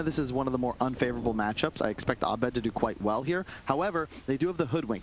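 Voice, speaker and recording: A man giving measured, analytical color commentary on a live esports match. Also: mid-range voice, a little hiss or hum.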